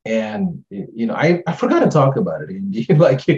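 A man's voice: mid-range voice, big pitch swings, fairly quick, darkish tone, highs cut off. A man co-hosting an online workshop, talking in a casual, upbeat way and often saying "like". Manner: casual, upbeat, says "like" a lot. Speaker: workshop co-host. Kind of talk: webinar chat.

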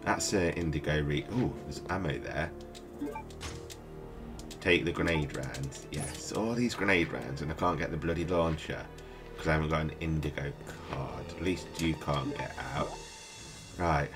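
A British man with an extremely deep, low voice gives loose, rambling gameplay commentary, muttering to himself as he plays. He sounds tired and up at night, and game music plays clearly behind him. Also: unhurried. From United Kingdom. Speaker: let's play host.

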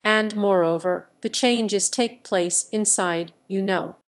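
A woman's voice: medium pitch, slow pace, lightly acted. A woman reading the lines of an odd, curious old male doctor in an audiobook, speaking in a matter-of-fact, imperturbable way.

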